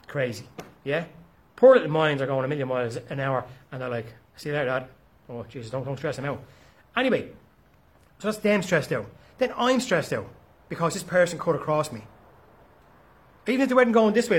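A middle-aged father talking casually about mindfulness, blunt and swearing freely, acting out his own road rage in a raised voice. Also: fairly high pitch. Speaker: mindfulness talk host. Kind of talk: casual spoken monologue.

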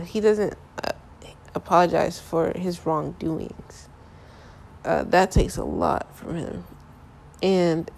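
A woman's voice: on the low side, vocal fry, darkish tone. A young woman talking candidly about her relationships in a casual, frank monologue full of filler phrases.

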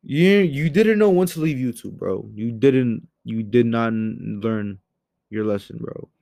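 A young man giving a heated, profane rant into a home microphone, swinging between loud outbursts and low muttering. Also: measured pace, gravelly, no room sound. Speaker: commentary host. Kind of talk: angry ranting commentary.

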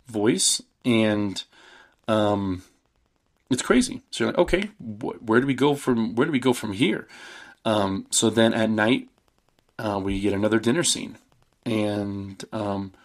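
A man hosting a podcast, casually retelling a horror film in a loose, rambling way full of "like" and "um". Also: lowish voice. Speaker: podcast host. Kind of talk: casual movie recap.

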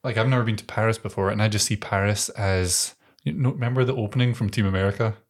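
A young man chats on a podcast in a somewhat low voice. He tells rambling anecdotes and laughs often, sounding relaxed and easygoing. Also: fast. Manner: chatty storyteller, laughs often. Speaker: podcast co-host. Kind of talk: casual chat.

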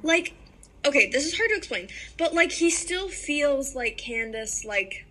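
A woman's voice: high voice, lively intonation, a little slow, pushed and bright, low-quality recording. A young woman co-hosting a casual book discussion, rambling with lots of "like" and standing her ground. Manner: rambling, many "like"s, insistent. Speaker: podcast co-host.

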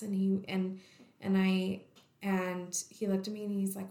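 A woman's voice: mid-range voice, little pitch movement, normal speed, gravelly, warm tone. A woman telling her own story in conversation, candidly, with many "like" fillers. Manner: candid, heavy use of "like" fillers. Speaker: guest sharing her story. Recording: echoey room.

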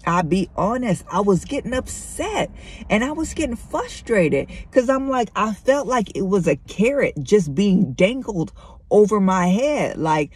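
A woman's voice: mid-range voice, sing-song, unhurried, darkish tone, husky. A middle-aged woman speaking candidly and conversationally to her listeners, sharing a personal faith testimony. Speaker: Christian vlogger.

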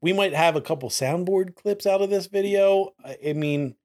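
A man co-hosting a casual podcast, animated, often repeating lines for laughs. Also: high voice, normal speed. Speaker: podcast co-host.

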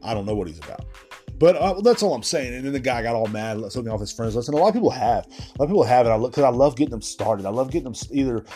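A man's voice: mid-range voice, animated, very fast, warm tone, faint music behind. A man hosting a podcast, rambling through a casual, profane solo rant. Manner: rambling, profane, laid-back. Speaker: podcast host.

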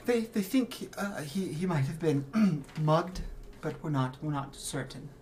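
A man's voice: on the high side, lively intonation, unhurried, darkish tone, a little hiss or hum, voice pushed up. A man voicing a middle-aged mother grieving her husband, stammering and breathless through tears. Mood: anxious grief.

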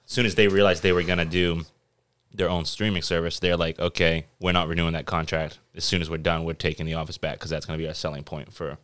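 A man's voice: sits low, level tone, quick pace, fairly bright tone. A man hosting a podcast, telling a long story in a laid-back, casual way and swearing freely. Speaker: podcast host. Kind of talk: casual chat.

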